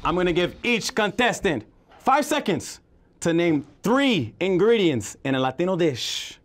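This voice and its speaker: A man hosting a comedic game show, energetic and teasing with his contestants. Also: high-pitched, unhurried.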